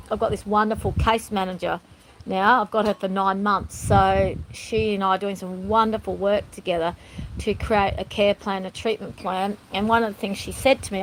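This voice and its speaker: A woman's voice: mid-range voice, low-quality recording. Woman vlogger, candid and rambling, home phone recording with faint noise. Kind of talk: casual personal vlog.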